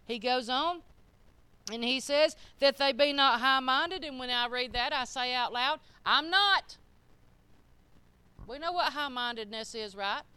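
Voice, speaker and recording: Emphatic high-voiced woman preaching. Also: normal speed, clean tone, dry recording. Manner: emphatic, rising to shouted peaks. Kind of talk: sermon. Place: church.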